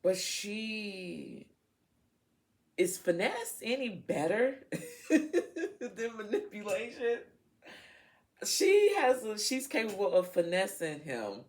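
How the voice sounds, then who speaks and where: Woman tarot reader, casual and unfiltered, swears, unhurried delivery. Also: medium pitch, sing-song, a little mellow. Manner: frank, swears freely, laughs, talks to her viewers. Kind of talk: casual tarot reading to camera.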